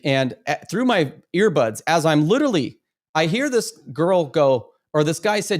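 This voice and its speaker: Brisk and sing-song, a man with a voice on the high side hosts a live stream, delivering impassioned commentary. He speaks emphatically and keeps stumbling over repeated words.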